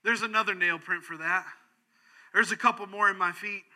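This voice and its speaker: A man voicing a gentle male savior figure who speaks in a tender, coaxing way. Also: high-pitched, steady tone, moderate pace.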